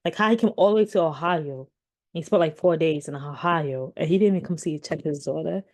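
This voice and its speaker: Speaking a little fast in a deep, darkish voice, a commentary vlogger in her 30s addresses her viewers casually. She rambles, starting over often and leaning on fillers.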